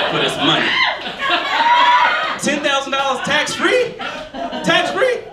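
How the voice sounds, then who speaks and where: A man in his thirties doing a stand-up comedy set on a club stage, with animated, punchy delivery. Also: on the high side, heavy background noise. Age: 30s. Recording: distant mic in a loud echoey room. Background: loud room ambience.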